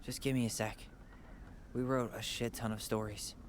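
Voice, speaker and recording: An actor playing a twin brother in a video game, speaking in a low-key, understated way. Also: male voice, little pitch movement, moderate pace, slight background noise, natural voice.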